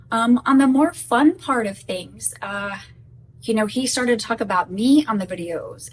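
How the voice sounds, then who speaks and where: A woman's voice: medium pitch, recorded from a distance, a little hiss or hum, poor audio. A woman talking candidly in a casual vlog monologue, chatty and self-deprecating. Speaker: YouTuber's wife sharing her story.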